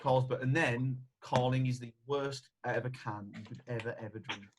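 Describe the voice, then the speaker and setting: A man's voice: medium pitch, fairly even intonation, normal speed, noisy background. A man from England co-hosting a casual podcast, blunt and emphatic. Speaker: podcast co-host. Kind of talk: casual chat.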